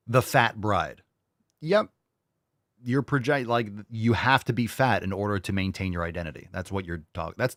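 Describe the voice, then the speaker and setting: Combative male host, low voice, dry close sound, sarcastic ranting commentary. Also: a bit bright, no room sound. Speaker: show host. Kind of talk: ranting commentary over video clips.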